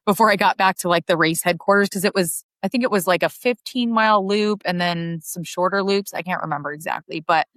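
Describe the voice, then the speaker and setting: A woman's voice: on the low side, brisk, hardly any pauses, fairly bright tone, no room sound. A woman ultrarunner chatting casually as an interview guest, her speech full of "like" fillers. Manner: chatty, heavy use of "like" fillers.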